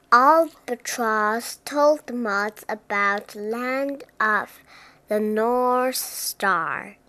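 A woman narrating a children's bedtime storybook, reading aloud in a slow, deliberate, expressive way. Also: a little high.

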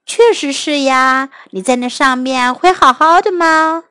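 A woman voicing a small girl doll toy who talks brightly and warmly to her friend. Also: high-pitched, unhurried, no room sound, studio quality.

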